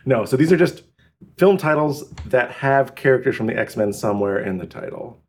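A man hosting a trivia round in a casual podcast chat, reading clues slowly and laughing often. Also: mid-range voice, animated, a little mellow. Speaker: trivia quiz host.

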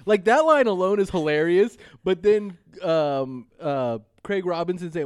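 A man hosting a casual movie chat, excitable and jokey, laughing often. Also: high-pitched, moderate pace, hardly any pauses, clean tone, no room sound, studio quality.

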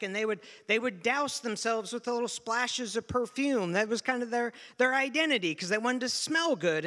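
High-voiced preacher in a big hall. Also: male voice. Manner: animated, repeats words when starting phrases. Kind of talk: storytelling sermon. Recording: long reverb of a large hall.

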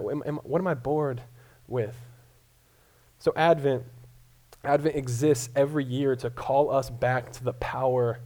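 A man's voice: mid-range voice, darkish tone. Conversational man preaching a sermon. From Colorado. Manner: conversational, self-deprecating, frequent stammered restarts. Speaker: pastor.

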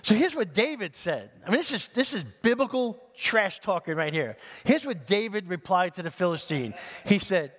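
A man pastor from New City, preaching in an animated, conversational way with humorous asides. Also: high-pitched, normal speed. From New York City. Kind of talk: sermon. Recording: long hall reverb.

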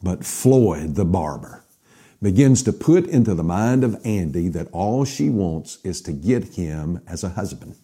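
A man delivers a sermon in a low, mellow voice with a husky edge. He swells into emphatic lines and sinks to near hushes. A faint guitar plays softly behind him. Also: animated, a little slow. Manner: preaching with rising emphasis and hushed drops. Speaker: pastor.

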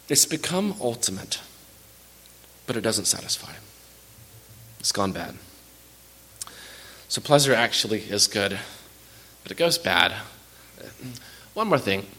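A man's voice: medium pitch, a bit bright. A man preaching a sermon as pastor, earnest and direct, often repeating words as he restarts a phrase.

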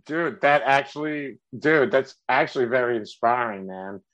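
A man's voice: medium pitch, normal speed, fairly bright tone, dry recording, lo-fi sound. A young man with a Mexican accent, a stand-up comedian chatting bluntly and rambling, with lots of laughter and swearing. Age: young adult. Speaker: stand-up comedian, podcast guest. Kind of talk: casual chat.

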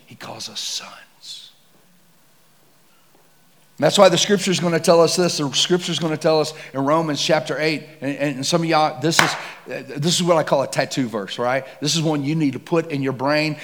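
A man preaching a casual, slangy sermon that builds to shouts. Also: medium pitch. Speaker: pastor.

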